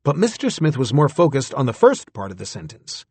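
A man with a husky voice narrating a story in the first person, in a close, dry recording. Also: medium pitch, very animated, brisk, hardly any pauses, a little mellow, no room sound. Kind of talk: scripted audiobook narration.

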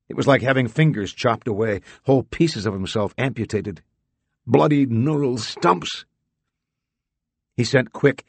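A man reading fiction aloud as an audiobook narrator, with expressive, dramatic delivery. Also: on the low side, breathy edge, no room sound. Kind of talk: scripted narration.

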